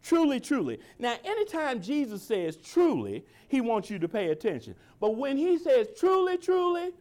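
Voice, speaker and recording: High, lively-voiced preaching man. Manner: preaching with a call-and-response cadence, slowing to stress lines; quotes scripture in old-fashioned wording. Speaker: pastor. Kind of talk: sermon.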